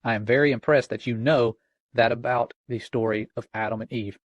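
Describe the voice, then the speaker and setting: A man reading out the lines of an AI chatbot he calls a little demon, in a courteous, measured way. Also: mid-range voice, fairly even intonation, no room sound, muffled recording, lightly acted. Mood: polite. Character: polite male AI chatbot cast as demon.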